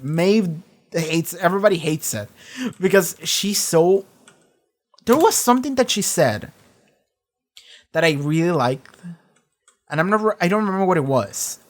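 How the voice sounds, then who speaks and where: A casual reaction host who talks in loose, looping sentences. The voice sits at a medium pitch and doubles back on its own words. Curse words come often and casually. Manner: rambling, animated, swears freely.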